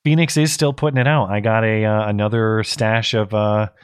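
A man's voice: fairly low pitch, steady tone, normal speed, clean tone. A male co-host in casual political talk, tired with his voice going, reading out viewer messages and thinking aloud with restarts.

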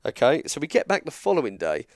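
An English man appears as a guest storyteller, delivering a long, casual story and animatedly playing out each character's dialogue. His medium-pitched voice is fast, and the recording is dry and studio quality.

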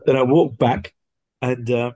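A man, a podcast guest, casually telling a story and acting out the dialogue in an animated way. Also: medium pitch, a little slow, no room sound. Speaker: guest watch collector.

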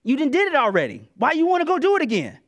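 A man's voice: very high-pitched, huge pitch swings, fast talker, pitched above the performer's own voice, full character voice. A man voicing Apostle Peter as an exasperated, scolding grown man who lapses into slang and repeats himself. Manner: incredulous, scolding, clipped slang.

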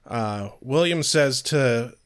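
Halting man co-hosting a chat. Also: mid-range voice, animated, clean tone. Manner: hesitant, frequent uhs, casual swearing. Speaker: podcast co-host. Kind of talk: casual chat.

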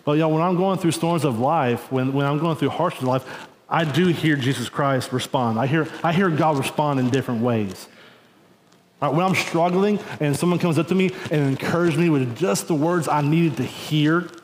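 A man with a fairly high voice preaches in a relaxed, storytelling way, often turning to the congregation with "right?" and "y'all." His voice rings through a reverberant church hall, and the long tail of the echo hangs after each phrase. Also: normal speed, a little hiss or hum. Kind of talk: conversational sermon. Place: church sanctuary.

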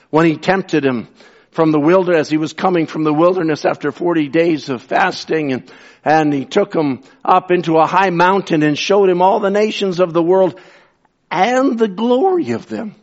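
A man preaching an impassioned sermon, swinging from fervent shouts to hushed asides and repeating phrases for emphasis. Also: a little high. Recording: dull lo-fi sound.

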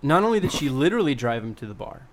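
A man's voice: medium pitch, very animated, quick pace, a little hiss or hum. A man co-hosting a podcast, casual banter with a laid-back, dry punning humor. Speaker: podcast co-host, musician.

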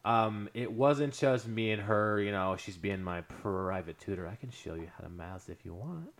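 A man's voice: fairly low pitch, lively intonation, moderate pace. A young man co-hosting a casual podcast, hesitant, with many ums and nervous laughs. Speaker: podcast co-host.

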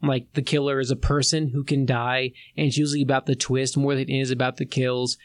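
A man's voice: medium pitch, flat delivery, fairly quick, no echo, clean studio sound. A man co-hosting a casual podcast, ranting in exasperation with many restarts. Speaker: podcast co-host. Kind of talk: casual movie rant.

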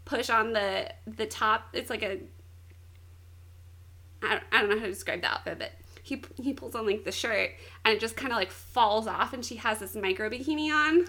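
A woman's voice: fairly high pitch, normal speed. A young woman in casual chat, animatedly recapping an anime plot with lots of "like" and giggles. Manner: animated storytelling, frequent "like", giggly.

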